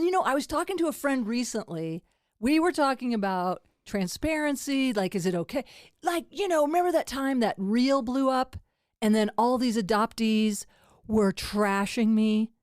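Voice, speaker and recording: A woman's voice: fairly high pitch, lively intonation, moderate pace, no echo. Older woman host, casual comic chat, dry close mic. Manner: laughs often, self-deprecating. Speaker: comedian podcast host. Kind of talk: casual comedy podcast chat. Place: at home.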